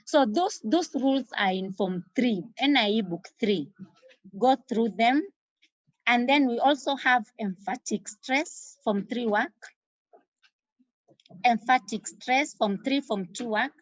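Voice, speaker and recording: A woman teacher with a Kenyan accent giving an exam revision lesson, repeating key terms slowly for emphasis. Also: on the high side, no room sound. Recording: dull lo-fi recording.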